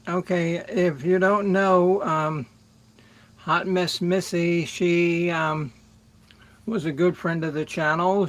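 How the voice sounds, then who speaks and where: Middle-aged guy hosting a music stream, talks real slow, kinda high voice, greets chat by name. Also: a bit bright. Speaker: livestream music show host. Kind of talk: casual livestream chat with viewers.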